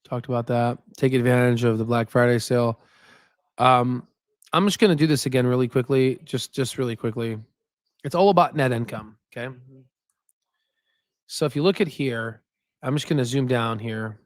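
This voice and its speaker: A man's voice: mid-range voice, normal speed, pauses often, no room sound, clean studio sound. Chatty man hosting a stock livestream. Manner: rambling, chatty, reacts to viewer comments; repeats "right?" as a filler. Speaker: stock market channel host. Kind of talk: casual livestream commentary.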